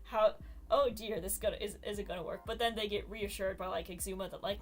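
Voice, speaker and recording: A woman streamer chatting casually and telling stories in an animated, giggly way. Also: medium pitch, fast talker, few pauses. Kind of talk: casual chat about fan stories.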